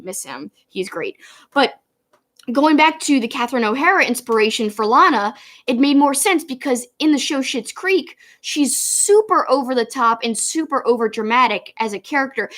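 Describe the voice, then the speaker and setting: A woman with a voice sitting a little high for her sex co-hosts a casual review show. She talks in an animated, chatty way and often drifts into side tangents before circling back. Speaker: wrestling show co-host.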